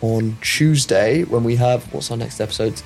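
A man's voice: medium pitch, moderate pace, creaky, faint music behind. Dry-witted male podcast host. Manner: dry, wry asides. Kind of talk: casual chat.

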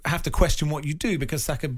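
A man's voice: on the high side, fairly even intonation, quick pace, husky. A man co-hosting a radio show, chatting casually and sharing anecdotes. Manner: conversational, anecdotal.

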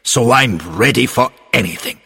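A man voicing an earnest, excitable male ghost football manager in a storybook reading. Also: medium pitch, moderate pace, vocal fry, slightly rough, long reverb tail, voice pushed up, exaggerated voice. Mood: eager.

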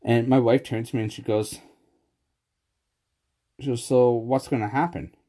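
A man chatting casually on a podcast, telling animated stories and laughing often. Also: mid-range voice, moderate pace. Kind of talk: casual chat.

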